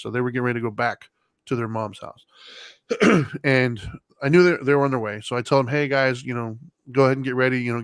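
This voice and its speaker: Heard close and dry with no room sound, a man in his thirties speaks in a middle register as a podcast co-host. He tells a story at an easy, meandering pace, relaxed and rambling, full of fillers and laughter.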